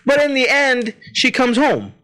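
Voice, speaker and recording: A man's voice: very high voice, big pitch swings, unhurried, bright, forceful tone. A man from central Pennsylvania, co-hosting a podcast in casual chat, who laughs often and retells movie scenes with quoted lines. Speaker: podcast co-host.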